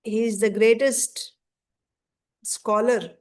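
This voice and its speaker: A woman teaching a scripture class, retelling a story in a conversational way with frequent fillers and lively quoted asides. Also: on the high side, takes it slowly.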